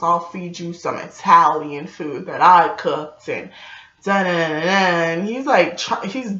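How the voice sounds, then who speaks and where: Slow-talking young woman, profane and animated. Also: fairly low pitch. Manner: animated, profane, acts out quotes. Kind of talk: storytime vlog. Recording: echoey room, dull lo-fi audio.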